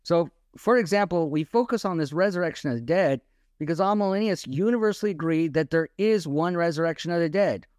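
A man co-hosting a Bible-teaching podcast, animated and firing off rhetorical questions. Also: fairly high pitch, fairly quick, no room sound, clean studio sound. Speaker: podcast co-host.

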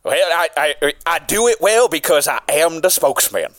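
A man's voice: on the high side, expressive, normal speed, a bit bright, dry recording, studio quality. A man voicing a brash, folksy New Jersey keyboard player who calls in, with a thick put-on Jersey accent and a drawling, swaggering delivery. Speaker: phone caller.

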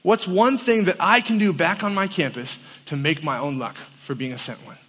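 Male campus pastor, high voice, lively storytelling sermon, echoing hall. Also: normal speed, slight background noise. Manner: animated storyteller acting out quotes. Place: large hall at a winter camp. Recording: long reverb of a hall.

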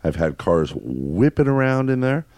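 A man with a very deep, gravelly voice and a dark, mellow tone chats loosely in surfer slang. His pitch swings a lot as he talks. The recording is dry and close. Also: big pitch swings, unhurried, no echo. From Southern California. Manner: laid-back surfer slang. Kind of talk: casual chat.

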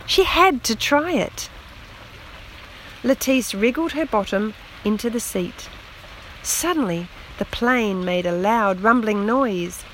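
A woman reads a children's picture book aloud, taking her time and lingering on each phrase. Her voice sits a little higher than average. Faint rain patters on the roof behind her. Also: slight background noise, rough recording. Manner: slow, gentle, expressive read-aloud. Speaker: storyteller. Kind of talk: children's story reading.

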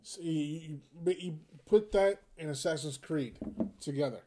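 A man's voice: a little high, unhurried, noisy background. A man in his thirties co-hosting a podcast, chatting casually and telling stories, laughing and acting out his son's lines. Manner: loose, laughing storyteller who acts out his son. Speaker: podcast co-host. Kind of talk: casual chat.

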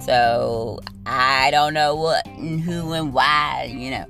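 A woman's voice: rumbling low, steady tone, takes it slowly, creaky, a bit bright, soft background music. A woman nurse telling a work story as a blunt, profane and exasperated rant.

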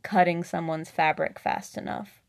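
A woman's voice: lowish voice, measured pace, vocal fry. A young woman co-hosting a casual chat, chiming in and sharing her own story. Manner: lively, reacts and chimes in, laughs. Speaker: podcast co-host.

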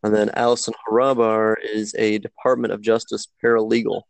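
A male podcast co-host in casual political talk, calm and measured, reading details from articles. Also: fairly low pitch, gravelly, clear, resonant tone, dry recording, rough recording.

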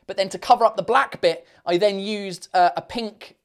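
A man's voice: sits high, normal speed, gravelly, clear, resonant tone. Man hosting a casual live chat; rambling, sweary, self-mocking, reads comments aloud. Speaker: livestream host.

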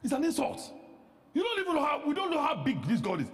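A male pastor with a high voice that swings widely as he preaches, pressing rhetorical questions and breaking into shouts. The sermon carries a long echo, as if spoken in a large hall. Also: wildly swooping pitch, fast talker.

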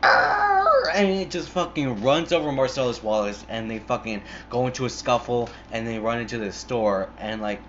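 A man's voice: mid-range voice, moderate pace, hardly any pauses, dull audio, slight background noise. A young man casually retelling a film, rambling with constant swearing, fillers and restarts.

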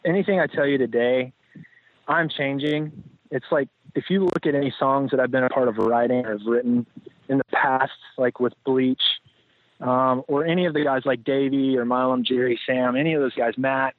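A man's voice: medium pitch, steady tone, moderate pace, no echo. A man talking as a podcast guest, reflective and rambling with many fillers and restarts. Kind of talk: casual interview talk. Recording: tinny phone-like line, dry.

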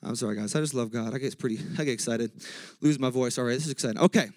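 A man preaching a casual, energetic sermon in church, joking and interrupting himself as he gets excited. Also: mid-range voice, rapid-fire, no room sound.

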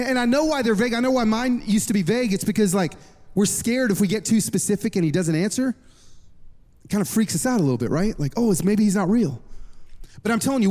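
A man in his thirties preaching a sermon to a congregation, telling a lively personal story with jokes. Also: sits high. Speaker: worship pastor. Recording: long reverb of a large hall.

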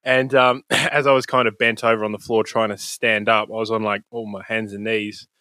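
A man's voice: lowish voice, flat delivery, moderate pace, bright, forceful tone, no room sound. Laughing, foul-mouthed Australian man telling stories. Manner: rambling, laughing, swears freely. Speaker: podcast host, guest. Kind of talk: casual storytelling chat. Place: home room with bookshelves.

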